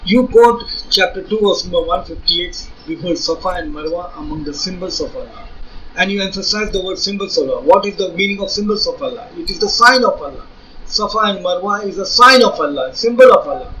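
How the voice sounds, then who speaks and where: A high-pitched man with an Indian English accent delivers a combative rebuttal lecture, firing rhetorical questions and quoting scripture. His voice sounds set back from the mic. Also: lively intonation, fairly quick, bright, forceful tone, far from the mic, rough recording. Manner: argumentative, rhetorical questions, reads scripture aloud. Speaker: religious debater.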